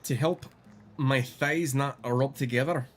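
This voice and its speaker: A man putting on a higher, louder voice for a heavyset male golfer who speaks bluntly and matter-of-factly. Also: measured pace, soft background music, lightly acted. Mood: deadpan.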